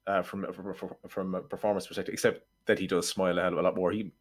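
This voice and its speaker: Lowish voiced dude on a podcast being wry about a movie. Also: male voice, flat delivery, quick pace. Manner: wry, opinionated, acts out quips. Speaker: podcast co-host. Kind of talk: casual film review chat.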